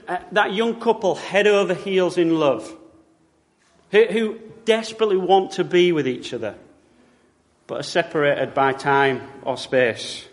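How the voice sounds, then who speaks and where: Male British preacher, bright lively pitch, conversational wry sermon, reverberant church hall. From Britain. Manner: wry, conversational preaching with rhetorical tag questions.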